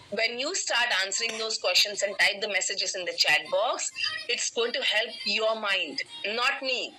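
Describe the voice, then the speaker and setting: A woman, a motivational coach telling a story in an online session, animated and emphatic, speaking straight to her listeners. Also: mid-range voice, rough recording.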